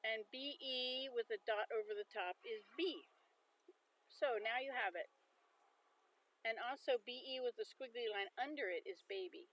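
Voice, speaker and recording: Chatty woman livestreaming, slightly high voice. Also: a little slow, fairly bright tone, rough recording. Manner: chatty, muses aloud while sounding out words. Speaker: livestream host. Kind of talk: casual livestream chat.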